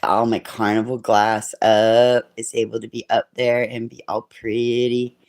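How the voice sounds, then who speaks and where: A woman's voice: a bass voice, level tone, measured pace, darkish tone. A woman chatting casually and frankly with live viewers from her home, swearing freely as she rambles. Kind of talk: casual livestream chat. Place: at home indoors, living room.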